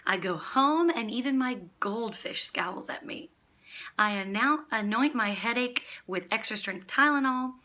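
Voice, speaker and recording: Woman, church speaker, conversational devotional, bright tone. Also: medium pitch. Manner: conversational, explains scripture with asides. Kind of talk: casual devotional talk.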